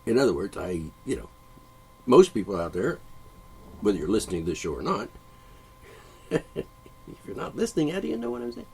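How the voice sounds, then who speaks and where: A man hosting a solo monologue show, rambling and profane, often stopping to clear his throat. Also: lowish voice, huge pitch swings, brisk, long pauses, warm tone, slight background noise, rough recording. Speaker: podcast host.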